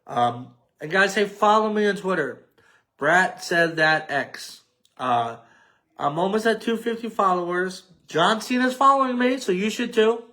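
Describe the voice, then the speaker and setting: A man hosting a solo sports talk show from a home setup. His voice is nasal and mumbling, a little high for a man, and he rambles in a loose, joking way full of fillers. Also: lively intonation, unhurried, pushed and bright. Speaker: podcast host.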